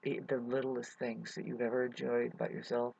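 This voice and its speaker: Hesitant gravelly-voiced man, rambling. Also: mid-range voice, flat delivery, brisk, a little mellow, dry recording. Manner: hesitant, full of fillers and restarts. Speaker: vlogger. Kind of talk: rambling personal update. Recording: dull lo-fi recording.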